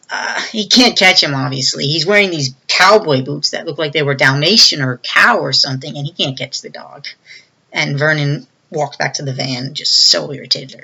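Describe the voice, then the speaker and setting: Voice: mid-range voice, normal speed, gravelly, bright, forceful tone. A movie reviewer casually recapping a film's plot in a loose, rambling way, often acting out the characters' lines in a raised voice. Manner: retells scenes, acting out quoted lines in a raised voice; loose and rambling, with many fillers.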